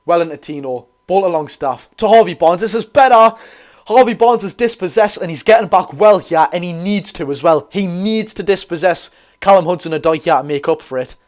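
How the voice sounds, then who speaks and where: A man's voice: high voice, animated, a little fast. A man with a Geordie accent hosting a live football watch-along, giving chatty commentary, correcting himself and greeting viewers.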